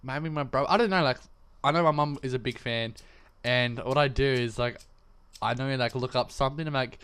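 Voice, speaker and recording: A man's voice: mid-range voice, a little fast, fairly bright tone, smooth. A young man, co-hosting a podcast in brash, crude, jokey casual chat. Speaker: podcast co-host.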